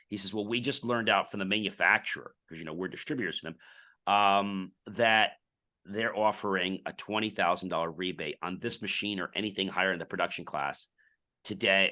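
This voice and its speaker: A man's voice: deep voice, fast talker, bright, forceful tone. A middle-aged man, a podcast guest, telling a business story in casual interview talk and acting out the dialogue.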